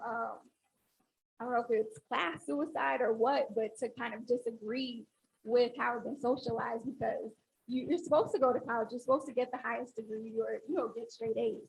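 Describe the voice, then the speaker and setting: A woman's voice: a little high, vocal fry, slight background noise, low-quality recording. A woman academic speaking on a panel, talking with animation and leading the audience through an exercise. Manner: animated, instructive, audience-engaging.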